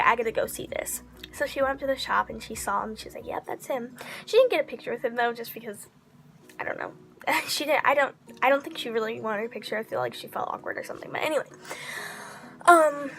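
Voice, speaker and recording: A woman vlogger telling a casual, excitable story, full of "like" fillers and slipping into whispers for asides. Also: fairly high pitch, gravelly. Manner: chatty, heavy use of 'like' fillers.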